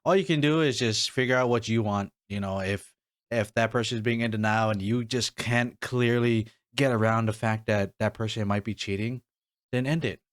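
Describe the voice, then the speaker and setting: A man's voice: lowish voice, normal speed, no room sound, clean studio sound. A man hosting a podcast in casual chat, talking loosely with many restarts and fillers. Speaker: podcast host.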